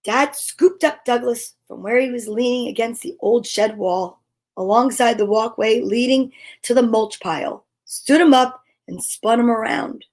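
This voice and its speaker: A woman reading a picture book aloud to children, expressive and often dropping to a hush. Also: on the high side, measured pace. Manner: expressive, dropping to hushed near-whispers. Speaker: storyteller.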